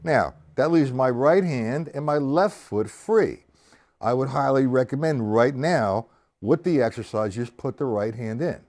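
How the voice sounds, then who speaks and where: A man gives a live-streamed drum lesson in a mid-range, animated voice that's a little slow and slightly mellow. He counts out and calls stickings while walking through each step, with a drum kit playing in the background.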